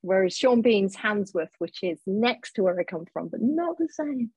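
A woman from Sheffield with a softened Sheffield accent, a guest academic talking frankly in a casual interview, self-mocking and quick to laugh. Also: medium pitch, animated, husky, no room sound, dull audio. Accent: softened Sheffield English. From Sheffield, England.

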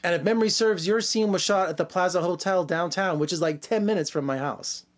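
A man's voice: high-pitched, a little fast. A man from Las Vegas hosting an entertainment interview in an upbeat presenter manner. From Las Vegas, USA.

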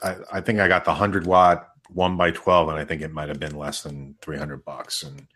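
A man hosting a casual chat and reading out viewer questions in a relaxed, agreeable way. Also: rumbling low, moderate pace.

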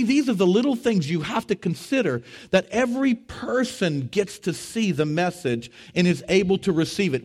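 A pastor preaching with lively, sweeping delivery. His voice jumps up loud for emphasis, then drops low and quiet for earnest points. He tells stories with humor and acts out quotes. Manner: animated preaching with swings between loud and hushed. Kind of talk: sermon.

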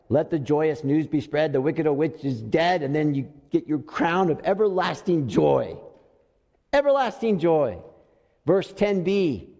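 A middle-aged man preaching a sermon in a church, telling stories with animated swings between loud and soft delivery. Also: sits high, in a large hall. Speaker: pastor. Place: church sanctuary.

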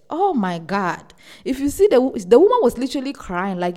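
A young woman hosting a podcast, giving casual relationship advice in an animated, emphatic way and repeating words for stress. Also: high-pitched, a little fast. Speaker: podcast host.

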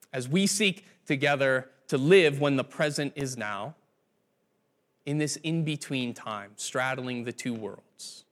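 A male pastor delivering a sermon in a relaxed, conversational storytelling way. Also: mid-range voice.

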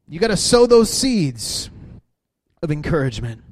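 Male pastor with a high, expressive voice, swings between soft talk and shouted passages. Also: normal speed. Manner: animated preaching, swinging from quiet to shouting. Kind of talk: sermon.

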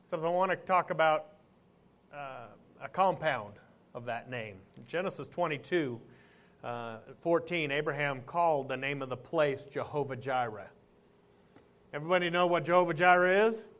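A middle-aged pastor preaching a sermon in a fairly high male voice. He talks loosely and conversationally, asks the congregation questions, and slows down to read scripture aloud. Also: fairly bright tone.

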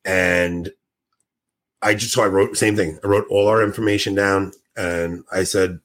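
A man's voice: low-pitched, fairly even intonation, a little slow, a bit bright. A man hosting a podcast in casual chat, enthusiastic and rambling, sounding tired. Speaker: podcast host.

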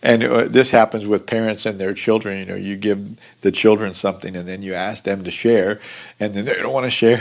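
A man teaching through a Bible passage in an earnest, conversational way, explaining verses with lively asides. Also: fairly low pitch, a little fast, creaky. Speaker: pastor teaching Bible study.

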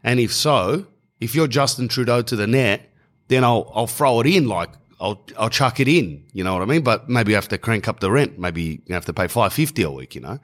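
A man's voice: medium pitch, animated, a little fast, fairly bright tone. An Australian man telling a rambling, slangy comic story, often correcting himself mid-sentence. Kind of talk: comedic storytelling monologue.

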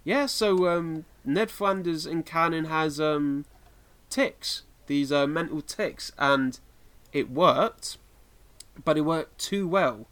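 A man's voice: a little high, slow, a bit bright. Rambling, laughing male podcast co-host. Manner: rambling, full of fillers and laughter. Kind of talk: casual chat.

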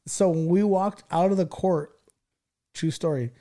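A man from California hosting a podcast, telling a childhood story in an animated, profane way and checking in with his listeners as he goes. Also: sits high, a little slow. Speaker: podcast host. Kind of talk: casual storytelling.

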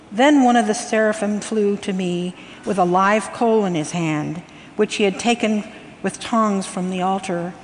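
A reader reading a scripture passage aloud in a church, slowly and with measured phrasing. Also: mid-range voice. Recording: echoey hall with faint room noise.

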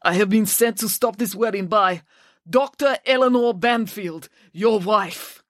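A woman voicing an exhausted, rake-thin woman who gasps and rasps as she speaks. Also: medium pitch, measured pace, no echo, clean studio sound, pitched above the performer's own voice, close to an everyday voice. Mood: desperate. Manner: gasping, rasping. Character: exhausted foreign woman messenger, panting.

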